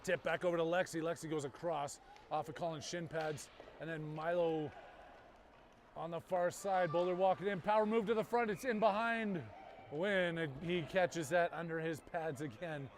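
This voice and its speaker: A man calling a youth hockey game live, moving from rapid play-by-play to jokey banter with his co-host. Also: fairly high pitch, slight background noise. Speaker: play-by-play commentator.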